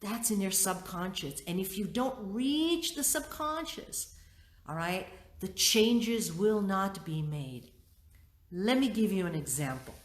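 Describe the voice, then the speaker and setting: A middle-aged woman leads a workshop, teaching and telling a personal story with expressive delivery, acting out her own thoughts. Her voice is medium-pitched and slow, and the room gives a roomy echo.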